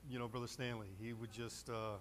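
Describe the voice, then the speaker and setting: A man's voice: mid-range voice, level tone, brisk, a bit bright, slight background noise. A man preaching a sermon from a church pulpit, telling a story with lots of fillers and restarts. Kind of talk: sermon with anecdote.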